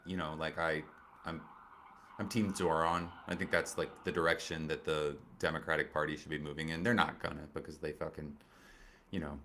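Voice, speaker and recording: Low-voiced, swearing male comedian. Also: fairly bright tone, slight background noise. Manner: profane, rambling and sarcastic, with many fillers and restarts. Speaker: stand-up comedian hosting a commentary show. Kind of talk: casual political comedy commentary.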